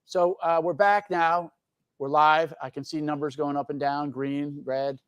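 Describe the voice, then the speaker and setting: A man's voice: on the high side, steady tone, measured pace, smooth, dry recording, dull audio. Rambling man hosting a tea stream. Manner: rambling, many fillers, joking asides. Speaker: tea company host. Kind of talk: casual live-stream chat.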